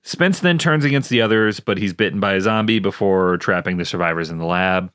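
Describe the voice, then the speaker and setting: A man's voice: low-pitched, fairly quick, fairly bright tone, smooth, no echo, studio quality. A man co-hosting a casual movie podcast, recapping the plot from his notes with wry asides. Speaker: podcast co-host.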